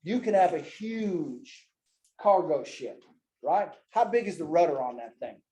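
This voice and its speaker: A man's voice: fairly high pitch, animated, unhurried, warm tone, echoey room. A man teaching a Bible study class in a loose, folksy way, often tagging his sentences with "man" and "right?". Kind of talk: casual teaching with personal stories. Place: church classroom with a group.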